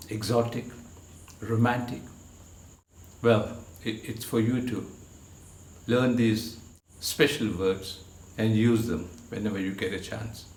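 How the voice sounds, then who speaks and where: A man teaching vocabulary, slowly and deliberately listing words for animal sounds, lifting his voice on the sound words. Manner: slow, deliberate listing, lifts pitch to mimic sounds. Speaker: language teacher. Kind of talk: slow vocabulary lesson.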